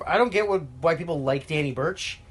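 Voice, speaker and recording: A man co-hosting a podcast in casual chat, firing off quick agreeing replies and dry, swearing asides. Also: on the high side, slightly rough. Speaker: podcast co-host.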